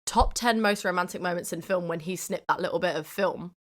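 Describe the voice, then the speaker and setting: A young woman from the UK co-hosting a film podcast in casual chat, playful and quick to laugh. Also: fairly low pitch. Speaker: podcast co-host.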